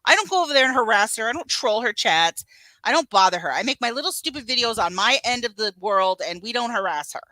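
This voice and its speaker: Bright, blunt woman livestreamer. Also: a little high, expressive, fast talker, dry recording, poor audio. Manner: blunt, profane, reads viewer comments. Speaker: livestream co-host. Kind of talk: casual livestream chat.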